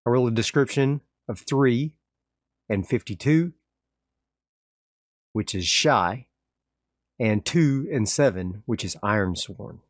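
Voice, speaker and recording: A man's voice: mid-range voice, lively intonation, takes it slowly, pauses often, no echo, studio quality. A man playing a solo tabletop game, calling out his dice rolls step by step and narrating the story. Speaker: game master and solo player.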